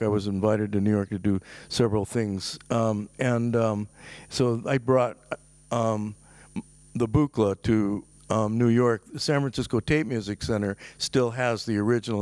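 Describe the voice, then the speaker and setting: An older man giving a talk about his past as a composer, halting with many ums and restarts, then animated in telling an anecdote. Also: dry recording. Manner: lively in storytelling, high for quoted voices.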